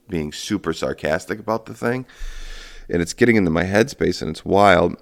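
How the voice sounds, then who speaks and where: Male podcast host, deep gravelly voice, sarcastic profane solo rant. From Michigan, USA. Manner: sarcastic, profane, rambling with fillers.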